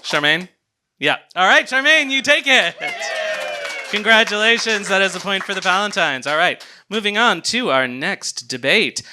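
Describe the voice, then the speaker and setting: A man's voice: high voice, animated, normal speed. A man hosting a live comedy game show, announcing the debaters and often laughing. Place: theater stage before a studio audience. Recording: live stage recording with audience noise.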